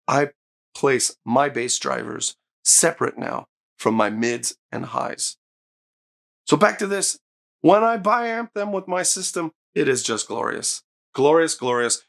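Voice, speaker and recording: Excitable man with a gravelly voice. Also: fairly high pitch. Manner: enthusiastic, emphatic, swears when excited. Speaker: hi-fi reviewer and channel host. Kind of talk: excited gear review to camera.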